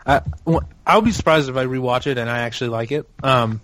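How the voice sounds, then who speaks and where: A man's voice: medium pitch, fast, fairly bright tone. A man hosting a casual podcast chat. He hesitates a lot, restarts his sentences and laughs easily. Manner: hesitant, many ums and restarts, laughs often. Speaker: podcast host.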